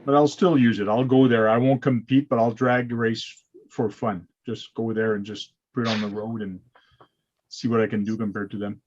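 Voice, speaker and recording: A man's voice: lowish voice, little pitch movement, moderate pace, a little mellow, slight background noise. A man hosting a casual hobby livestream, explaining things step by step with plenty of uh's over a video call. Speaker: host. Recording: lo-fi dull sound.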